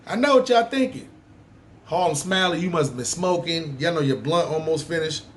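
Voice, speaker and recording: A man with a New York City accent hosting a podcast, talking in a loose, animated, profane street style. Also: fairly high pitch, normal speed, slight background noise. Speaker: podcast host. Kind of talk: casual monologue ranking places.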